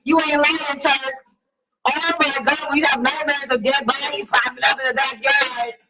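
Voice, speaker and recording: A woman's voice: sits high, level tone, moderate pace, distant mic, crowd noise, low-quality recording. A woman hosting a casual live-stream talk show, reading viewer comments and talking in an emphatic, slangy, sassy way. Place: home live stream over wireless connection.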